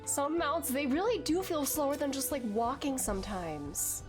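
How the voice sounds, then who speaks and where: A woman's voice: high-pitched, lively intonation, moderate pace, music in the background. A woman streaming a video game while sick, chatting casually and rambling with lots of "like.". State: sick, saving her voice. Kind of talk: casual gaming commentary.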